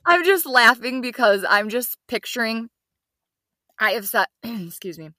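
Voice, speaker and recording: A woman's voice: fairly high pitch, big pitch swings, a little slow, bright, forceful tone, dry recording, clean studio sound. A woman co-hosting a podcast in casual chat, talking in a chatty, agreeable way. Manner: chatty, agreeable, laughs along. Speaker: podcast co-host.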